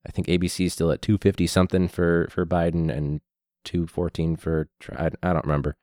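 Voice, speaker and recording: Deep-voiced hoarse male teacher, sarcastic. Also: flat delivery, fairly quick, mellow, no room sound. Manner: sarcastic, profane, mocking. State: hoarse throat after illness. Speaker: high school teacher. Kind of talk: casual ranting monologue.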